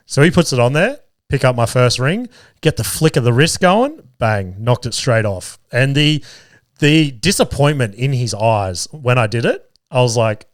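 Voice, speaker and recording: A man's voice: medium pitch, lively intonation, moderate pace, no room sound. Australian guy in his thirties hosting a podcast, loose and sweary, chuckling through his stories, dry studio mic. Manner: sweary, laughs often while telling stories. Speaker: podcast host. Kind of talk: casual storytelling chat.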